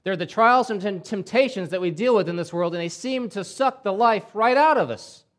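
A man's voice: sits high, moderate pace, a bit bright. A male pastor delivering a sermon in a conversational storytelling way, often restarting his words.

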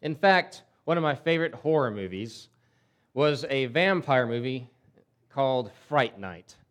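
A man's voice: medium pitch, lively intonation, a little slow, fairly bright tone. A male pastor delivering a sermon in a conversational storytelling way, often restarting his words.

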